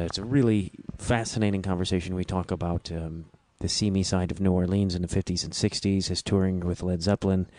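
A man with a Chicago accent hosting his own podcast, speaking in a halting, reflective way with frequent restarts. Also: low voice, darkish tone, dry recording. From Midwestern United States. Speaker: podcast host. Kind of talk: casual solo podcast intro.

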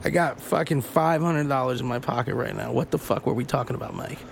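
A man's voice: medium pitch, a little fast, gravelly, slight background noise. A man co-hosting a casual podcast, telling profane bar stories and mimicking the people in them. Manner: profane storytelling, does voices of people in anecdotes. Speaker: podcast co-host. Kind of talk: casual chat.

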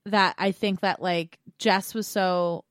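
A woman's voice: on the low side, slow, dry recording. Chatty woman podcast co-host, dry close mic. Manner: chatty, laughs often, animated storytelling. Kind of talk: casual chat recapping reality TV.

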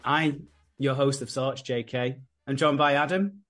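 A man's voice: mid-range voice, a little slow, fairly bright tone, faint music behind. A British man hosting a podcast in casual, playful chat. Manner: playful, laughing. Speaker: podcast host.

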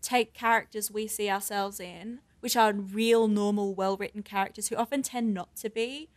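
A woman's voice: mid-range voice, fairly even intonation, normal speed, no room sound. A young woman co-hosting a casual podcast, reading a script aloud and laughing often between lines. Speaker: podcast co-host.

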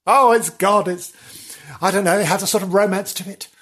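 A man's voice: sits high, little pitch movement, a little fast, slightly rough. A man hosting a podcast, telling a comic ghost story in a theatrical, hammy way with lots of repetition. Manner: theatrical, hammy, repeats for effect.

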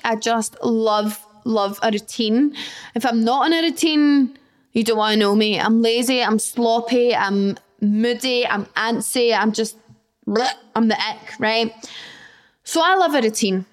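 A woman with a Scottish accent hosting a solo podcast, talking candidly and self-deprecatingly, with casual swearing and lots of "like". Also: fairly high pitch. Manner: candid, self-deprecating, acts out her own worried thoughts; swears casually, says "like" often. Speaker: podcast host.

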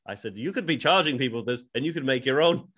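A man playing an elderly John Lennon with a Liverpool accent, deadpan and rambling as a podcast host. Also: mid-range voice, fast talker. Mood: wry. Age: 70s. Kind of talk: improvised comedy podcast impression.

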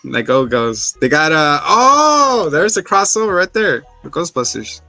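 A man's voice: a little high, animated, normal speed, sharp tone, no room sound, faint music behind. A man co-hosting a podcast, recapping an episode in casual chat, joking and acting out scenes in silly voices. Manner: jokey, acts out scenes in voices, swears. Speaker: podcast co-host.

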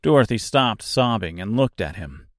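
A man narrating an audiobook in a deliberate storytelling manner. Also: fairly low pitch, animated, no room sound, clean studio sound.

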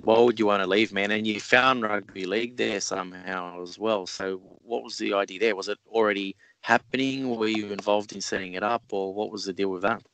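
A man's voice: lowish voice, fairly even intonation, fairly quick, hardly any pauses, fairly bright tone, smooth, poor audio. A man hosting a podcast interview, introducing and questioning his guest in a friendly, teasing way. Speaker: podcast host.

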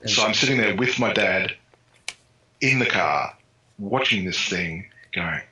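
A man's voice: fairly low pitch, expressive, unhurried, sharp tone. A man in his fifties with an Australian accent, a podcast guest telling stories in casual chat. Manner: chatty storyteller. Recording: echoey room with faint noise.

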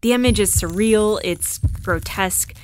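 A woman reading scripted narration in an earnest, measured way, as if the words came from her own mind. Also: medium pitch. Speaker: video narrator. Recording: noisy played-back video clip.

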